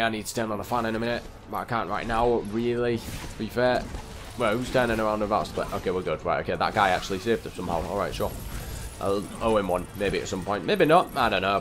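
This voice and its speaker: A young man giving rambling, excitable commentary while playing a video game and talking to the characters on screen. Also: lowish voice. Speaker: gameplay commentator. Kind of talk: casual let's-play commentary.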